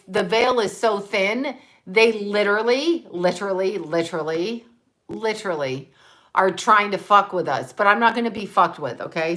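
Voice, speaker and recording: On her livestream, a woman with a medium-pitched, pushed, bright voice chats loosely and laughs often. She doesn't hold back on swearing and thanks viewers by name while reading their comments.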